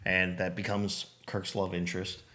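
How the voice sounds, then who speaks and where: A man co-hosting a casual movie podcast, retelling film scenes with lively quoted bits and easy laughter. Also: sits low, normal speed. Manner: animated storyteller, acts out scenes in quotes. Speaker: podcast co-host. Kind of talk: casual chat.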